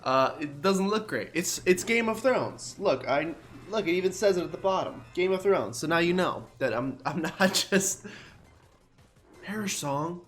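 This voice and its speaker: A young man commentating a game in a loose, rambling way, groggy and self-deprecating. His pitch is on the higher side and swings around a lot. Faint music plays under his talk. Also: lively intonation, measured pace. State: groggy, just woke up. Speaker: let's play host. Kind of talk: casual gameplay commentary.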